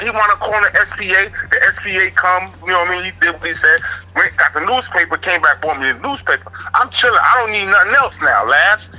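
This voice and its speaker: High, bright-voiced New York man. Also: low-quality recording. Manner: streetwise, repeats "you know what I'm saying". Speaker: interview guest telling a prison story. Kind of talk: casual storytelling.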